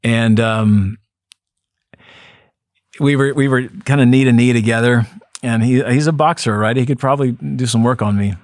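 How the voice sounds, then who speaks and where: A man, a psychotherapist, speaking as an interview guest in an earnest, measured way, often restarting his sentences. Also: medium pitch, no echo, studio quality. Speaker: depth psychotherapist, podcast guest. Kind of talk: reflective interview talk.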